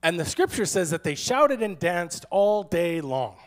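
A man's voice: high-pitched, very animated, measured pace. A man who is a pastor, giving a sermon in a playful, sarcastic storytelling manner and acting out quotes.

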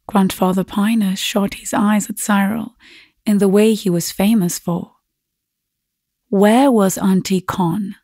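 A woman narrating a classic story aloud in a measured, husky voice. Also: mid-range voice, fairly even intonation, dark tone, no echo, studio quality. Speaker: audiobook narrator. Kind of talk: scripted narration.

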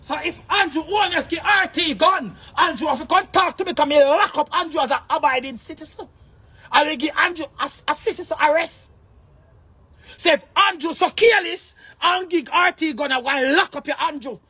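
A Jamaican man rants in a video monologue, his voice pitched very high with a gravelly fry running through it. He is loud and combative, swearing freely and bursting into shouts. The sound is dry, with no room around it. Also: brisk, no echo. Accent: Jamaican Patois. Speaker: online personality.

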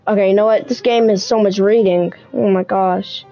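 Chatty woman streamer, mellow voice. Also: medium pitch, steady tone, moderate pace, gravelly, faint music behind, rough recording. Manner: chatty, scattered, with "anyway" asides. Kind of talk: casual gameplay commentary.

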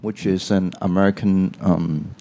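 A man's voice: deep voice, steady tone, a little slow, warm tone. A man co-hosting an English lesson, asking the teacher questions hesitantly with many fillers. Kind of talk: casual pronunciation lesson.

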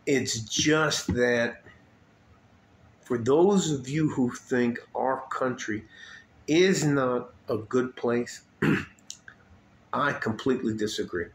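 Man, late fifties, mid-pitched, blunt and profane unscripted rant, echoey room, faint background hum. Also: takes it slowly, long pauses. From United States. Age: 50s. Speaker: vlogger.

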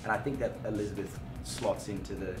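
A man film cast member rambling quickly in a casual press chat, searching for words. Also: on the low side, steady tone, roomy sound, over music, poor audio.

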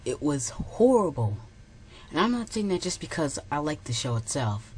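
A woman's voice: low-pitched, very animated, moderate pace, slight background noise. A woman giving a blunt, dismissive commentary on a video.

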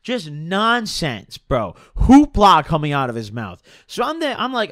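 Young dude rambling thru a storytime, voice bouncing all over, dry close mic. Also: male voice, a little high, measured pace, dry recording. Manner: rambling, slangy, animated storytelling. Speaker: streamer. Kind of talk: casual storytime.

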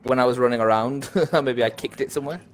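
A man's voice: medium pitch, fairly even intonation, fast talker. A laid-back man hosting a live co-op game stream. He chats casually and giggles often while working out where things are in the game. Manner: giggly, easygoing. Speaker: streamer host. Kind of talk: casual gaming banter.

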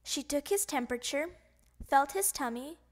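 A woman narrating a children's picture book in an expressive, sing-song way. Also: high voice, moderate pace. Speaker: storybook narrator. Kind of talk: children's audiobook reading.

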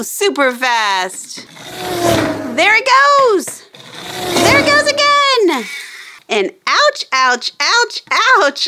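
A woman presenting a playful toy demonstration for children in an excited, sing-song way, with playful roars. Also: sits high. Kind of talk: playful toy demo for kids.

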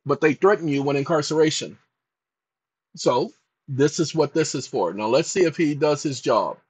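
Guy dictating prompts to his ai, kinda husky, bit high pitched, scolds it a lot. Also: normal speed, no echo. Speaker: channel host. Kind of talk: casual screen-share tutorial.

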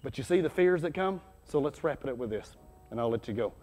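A man preaching a sermon as pastor, conversational and energetic, with sudden loud bursts. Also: mid-range voice, fast. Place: church hall. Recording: long hall reverb.

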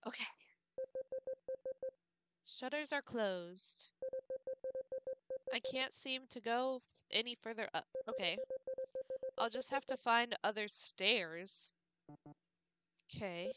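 Female game streamer, unhurried, bright tone, muttered puzzle-solving commentary. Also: a little high, lively intonation, faint music behind. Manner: mutters and thinks aloud while puzzling. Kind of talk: casual gameplay commentary.

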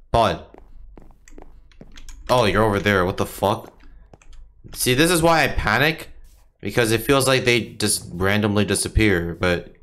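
Swearing young man narrating gameplay. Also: fairly low pitch. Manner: frustrated, swears a lot, swings into loud outbursts. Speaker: gaming streamer. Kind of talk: casual gameplay commentary.

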